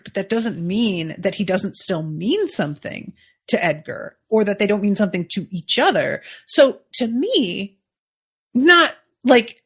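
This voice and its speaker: Slow-talking woman recapping a show. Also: mid-range voice, fairly bright tone. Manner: chatty, musing, full of "like" asides. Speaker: podcast host. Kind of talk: casual episode recap.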